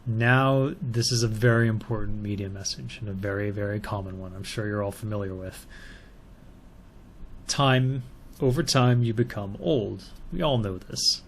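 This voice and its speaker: A man with a fairly low voice talks through a video in a casual, musing way, often unsure of himself. A faint hiss sits under his voice. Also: moderate pace. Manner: musing, tentative. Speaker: video analyst. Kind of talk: casual commentary.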